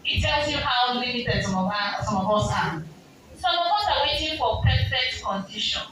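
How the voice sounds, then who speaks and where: A woman's voice: fairly high pitch, expressive, moderate pace. A woman with a Nigerian accent, a business coach giving a seminar talk, asking the audience questions and slipping into Pidgin asides. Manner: rhetorical, switching into Pidgin asides. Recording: very echoey hall, distant mic, ambient noise.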